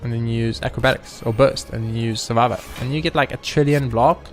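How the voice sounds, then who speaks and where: Excitable gaming commentator, a man. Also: mid-range voice, fast talker, faint music behind. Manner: excitable, swears, talks to the game. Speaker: let's play host.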